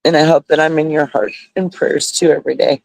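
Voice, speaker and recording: A man's voice: on the high side, fairly even intonation, brisk, gravelly, no echo, low-quality recording. An older man from the United States hosting a live stream outdoors, talking in a heartfelt, rambling way, often laughing and saying y'all. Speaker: livestream host. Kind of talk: casual heartfelt livestream chat. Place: outdoors at a beach resort. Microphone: phone.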